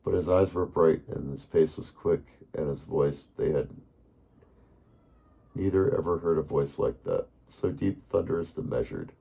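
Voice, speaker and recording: A man reading a bedtime story aloud in a calm, unhurried way, now and then correcting himself. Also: extremely low pitch, gravelly, husky.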